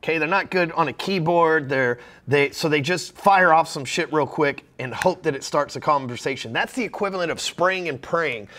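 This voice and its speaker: Male sales coach, middle-aged, high-pitched voice, blunt and profane, mimics sample pitches in quick voices. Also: a bit bright. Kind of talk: profane motivational sales talk.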